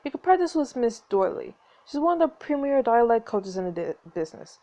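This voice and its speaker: A woman voicing a commanding male stage director in a story game, reading his lines in a lowered, brisk voice. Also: sing-song, mellow. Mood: instructing.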